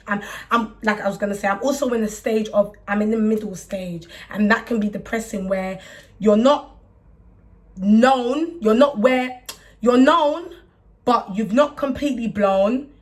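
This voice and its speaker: A woman's voice: a little high, a bit bright. A young woman who talks candidly to camera about her music career, rambling with many restarts and fillers. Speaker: music artist talking to camera. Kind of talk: candid casual talk to camera. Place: indoors, warm room.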